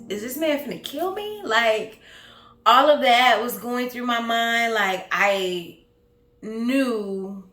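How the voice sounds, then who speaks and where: A woman tells her own story in a bright, clear voice, slow and earnest, often stopping on fillers and pauses. Her voice rings in an echoey room, and faint music plays behind her. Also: mid-range voice. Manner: halting, with frequent pauses and fillers; earnest, reflective. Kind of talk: personal storytelling.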